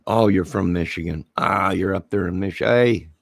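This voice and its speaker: A man rambles through a casual livestream chat, joking and answering viewers. His voice is deep, gravelly and husky, and he speaks slowly. The sound is dry and close. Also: little pitch movement, fairly bright tone, no room sound. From Illinois, near Chicago. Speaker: livestream host chatting with viewers.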